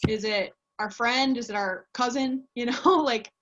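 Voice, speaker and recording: A woman's voice: on the high side, unhurried, fairly bright tone. Chatty woman teacher, muffled audio. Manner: chatty, acts out quoted speech. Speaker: language teacher. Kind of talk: casual professional discussion.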